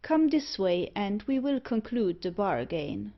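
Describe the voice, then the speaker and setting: A woman voicing a suave, wealthy male tempter with a mocking, devilish air, delivering his lines slowly and deliberately. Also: mid-range voice, big pitch swings, vocal fry. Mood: coaxing. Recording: dull lo-fi audiobook recording.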